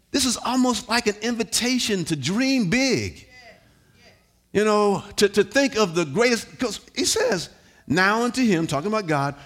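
A man preaching a sermon as pastor in a church, building to shouts, repeating words and calling on the congregation to respond. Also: sits high. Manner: repeats words, sings some lines. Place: church hall.

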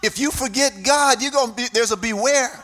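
A man preaching a sermon, moving from reading scripture into shouted, sing-song testimony. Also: extremely high pitch, brisk, background noise. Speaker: pastor.

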